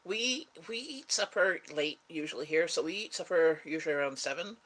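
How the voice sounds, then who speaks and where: Sleepy lady hosting a chill live stream, rambling and chatty with pauses. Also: low-pitched, expressive, fairly bright tone. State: tired and yawning. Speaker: livestream host chatting with viewers. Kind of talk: casual live-stream chat.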